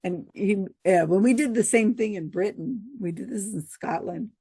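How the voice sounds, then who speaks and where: An American woman tells a story straight to camera, chatty and rambling, with frequent laughs. Her voice has a gravelly edge and a husky, slightly breathy grain. The sound is dry and close, with little room around it. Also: medium pitch, normal speed, dark tone, dry recording.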